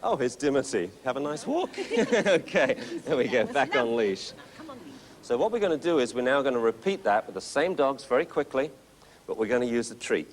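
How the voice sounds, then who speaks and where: A man's voice: mid-range voice, sing-song, moderate pace, a crowd in the background. A man teaching a puppy training class, upbeat and coaxing, cheering the owners on. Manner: upbeat, coaxing, full of encouragement.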